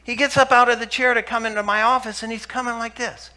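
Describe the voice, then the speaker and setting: A man giving a health lecture to an audience, telling stories and acting out the dialogue with animated energy. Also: extremely high pitch, quick pace. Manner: animated storyteller, acts out dialogue, laughs. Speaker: health speaker.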